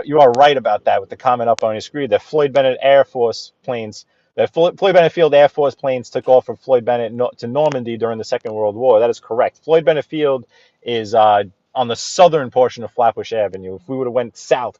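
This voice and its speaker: A man's voice: mid-range voice, fairly quick, a little mellow. A man with a Brooklyn accent, hosting a casual live stream from his car and rambling to viewers and a guest. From Brooklyn, New York. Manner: rambling, chatty, answers viewers' comments. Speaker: livestream host. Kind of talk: casual live-stream chat while driving. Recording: dull, dry lo-fi sound.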